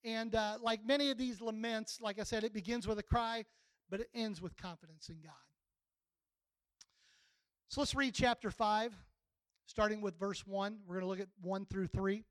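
A man's voice: sits high, fairly even intonation, normal speed, long pauses, clean tone, dry recording, rough recording. A man in his sixties preaching a sermon in a folksy, plainspoken, conversational way.

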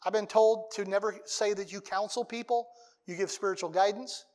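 Middle-aged male pastor, high voice, conversational sermon delivery with loud peaks. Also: fairly even intonation, normal speed. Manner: conversational preaching, rising to loud bursts.

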